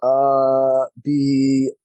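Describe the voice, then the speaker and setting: A man's voice: mid-range voice, monotone, very slow, dark tone, dry recording. A man, a wrestler being interviewed, telling rambling, self-deprecating stories and often stumbling over his words. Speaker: wrestler guest. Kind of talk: casual interview storytelling.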